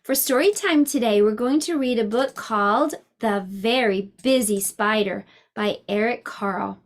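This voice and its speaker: A woman teaching a preschool class, speaking gently and expressively to young children and reading a picture book aloud. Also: on the high side, measured pace.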